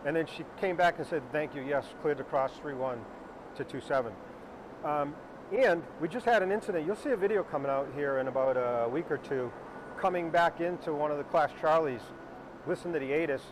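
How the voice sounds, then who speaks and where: A man's voice: a little high, background noise. Chatty man hosting a pilot live stream. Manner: conversational, rambling with fillers and asides. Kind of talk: casual live stream chat. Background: helicopter starting up nearby.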